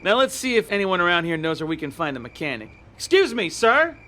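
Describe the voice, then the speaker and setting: An actor voicing an eager, excitable male mouse office worker with a bouncy, chatty way of talking. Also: sits high, a little fast, exaggerated voice. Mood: excited. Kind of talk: cartoon voice acting.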